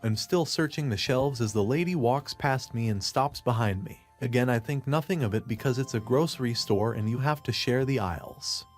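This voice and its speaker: A man's voice: medium pitch, expressive, moderate pace, few pauses, soft background music. Man narrating a first-person story.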